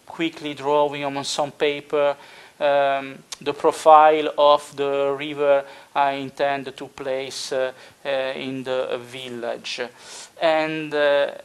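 Slow, hesitant man explaining a hobby build. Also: medium pitch, clean tone. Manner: slow and deliberate, many filler pauses. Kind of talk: unscripted tutorial narration.

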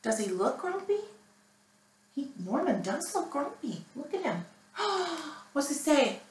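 Slow, animated woman reading a storybook. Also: sits high. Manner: animated, asking listeners questions. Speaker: children's librarian. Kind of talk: reading a picture book aloud to children. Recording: roomy, mic at a distance.

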